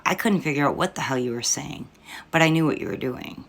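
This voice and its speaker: Very low, gravelly woman commentator. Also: brisk. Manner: scornful, lecturing, sarcastic. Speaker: social media commentator. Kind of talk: critical reaction commentary.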